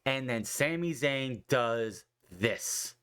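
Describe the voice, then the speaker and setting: A man on a podcast excitedly recapping a wrestling show in a rambling, casual way, swearing freely and acting out what the wrestlers said. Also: mid-range voice, very slow, smooth. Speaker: podcast host.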